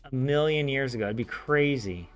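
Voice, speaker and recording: A man's voice: medium pitch, normal speed. A man with a Southern American accent, chatting casually and rambling with lots of fillers as he studies a language on his vlog. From southern United States. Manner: rambling, many "like" fillers, animated asides. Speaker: language learner host. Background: soft game music.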